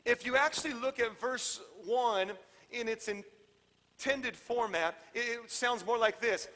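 Man preaching, high bright voice, passionate sermon delivery, repeats lines, loud then hushed, long hall echo. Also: measured pace. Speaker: pastor.

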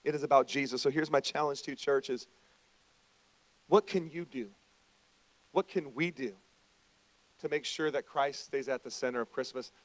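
A middle-aged male pastor giving a conversational sermon, moving between quiet asides and loud emphatic stretches. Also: mid-range voice, normal speed, long pauses, no echo.

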